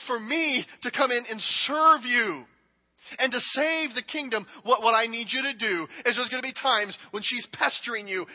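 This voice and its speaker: Preaching a sermon, a man voices a king with dramatic emphasis, swinging from hushed lines to shouts. His voice is very high-pitched and moderately paced, and the dull recording carries long hall reverb.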